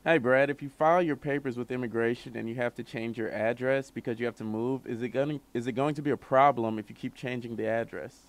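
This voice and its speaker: A man's voice: mid-range voice, steady tone, fast talker, few pauses. Easygoing male radio co-host. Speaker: radio co-host reading listener questions. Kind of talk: casual radio talk.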